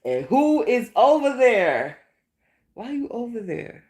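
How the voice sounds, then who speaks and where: Slow-talking woman rambling to camera. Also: a little high. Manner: rambling, animated storytelling with laughs and repeated questions. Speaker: podcast host. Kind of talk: casual monologue vlog.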